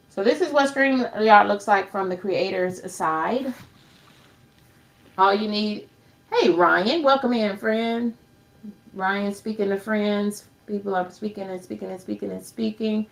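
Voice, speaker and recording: A woman's voice: medium pitch, unhurried, gravelly. A woman hosting a casual tutorial livestream, chatty and upbeat, talking to viewers as friends and calling herself by name. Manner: refers to herself in third person. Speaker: livestream host.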